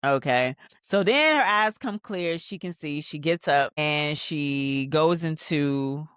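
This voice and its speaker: A woman hosting a TV show rewatch, recapping scenes in a rambling, animated, profane way. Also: sits low, slow pace, clean tone, no echo, clean studio sound. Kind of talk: casual episode recap and commentary.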